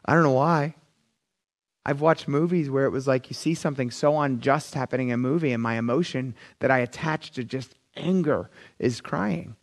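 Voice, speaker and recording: A middle-aged man preaching a conversational, animated sermon, often calling the audience "you guys". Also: mid-range voice, moderate pace. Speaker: pastor.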